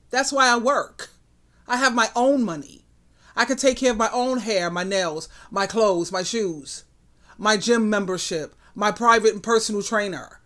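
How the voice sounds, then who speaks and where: A woman's voice: mid-range voice, moderate pace, fairly bright tone. A woman hosting a commentary vlog, giving emphatic, outspoken relationship advice.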